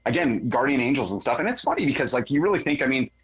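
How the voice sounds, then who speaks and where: Male co-host, husky and lively; chatty and reflective, with lo-fi, muffled sound. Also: mid-range voice, fast. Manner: reflective, chatty, with many fillers. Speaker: podcast co-host. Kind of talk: casual conversational chat. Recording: dull, lo-fi audio.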